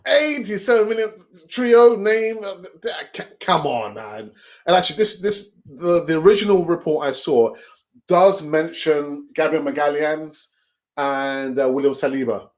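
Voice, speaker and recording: Lively man chatting on a stream. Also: on the high side, lo-fi sound. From North London. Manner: chatty, laughs often, does quick voices. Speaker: fan channel host. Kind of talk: casual live-stream chat.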